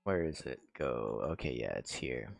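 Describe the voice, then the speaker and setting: A man's voice: a bass voice, lively intonation, moderate pace, vocal fry, no echo, clean studio sound. A man producing music on a stream, thinking aloud in a laid-back, slangy way and muttering half-finished thoughts as he works. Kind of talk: casual thinking-aloud commentary while mixing.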